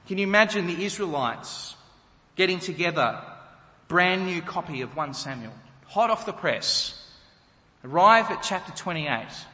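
A man's voice: sits high, animated, unhurried, bright, forceful tone, long reverb tail. A man preaching a sermon, emphatic and full of rhetorical questions to the congregation.

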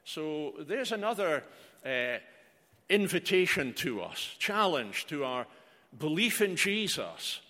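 A man's voice: a little high, sing-song, slow, sharp tone. An older man preaching a sermon, earnest, with rhetorical questions and frequent hesitant fillers. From outside Australia. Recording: reverberant hall.

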